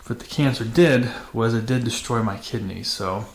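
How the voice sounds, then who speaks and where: A man's voice: mid-range voice, moderate pace, gravelly. A man hosting a dirt bike vlog, talking casually to camera with many fillers and restarts in a matter-of-fact way. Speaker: channel host. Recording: echoey room with faint noise.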